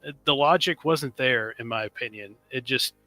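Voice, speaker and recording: A man chats on a casual stream in a bright, forceful voice at an ordinary pitch. He rambles through his views in a laid-back way, full of fillers. The sound is dry and close. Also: normal speed, no echo. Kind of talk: casual livestream chat.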